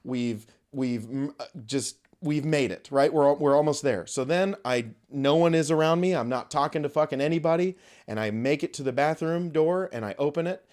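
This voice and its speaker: A man's voice: fairly high pitch, normal speed, hardly any pauses, a little mellow. A young man hosting a podcast, telling a story casually and with animation, swearing freely and acting out quoted voices. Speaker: podcast host.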